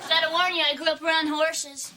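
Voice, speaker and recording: An actress playing a deadpan, sardonic young best friend in a sitcom. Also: female voice, very high-pitched, a little fast, a crowd in the background, background noise. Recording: sitcom with loud audience laughter.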